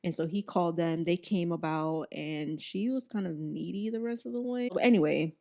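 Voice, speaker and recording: A woman's voice: on the low side, normal speed, vocal fry, dark tone. A young woman hosting a podcast in casual chat, retelling a work incident with quoted voices and frequent laughter. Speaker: podcast host.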